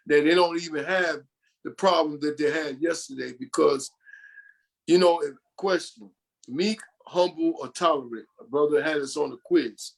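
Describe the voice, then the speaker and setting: A man's voice: fairly high pitch, vocal fry. An older man from New York, a podcast guest, telling long rambling stories about his family and often quoting what others said. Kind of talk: storytelling in an interview.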